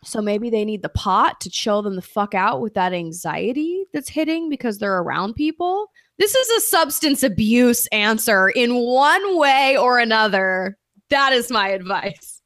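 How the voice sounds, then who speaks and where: A woman comedian chatting as a podcast guest, brash and animated, swearing freely as she tells stories. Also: fairly high pitch, unhurried, dry recording, clean studio sound. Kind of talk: casual podcast chat.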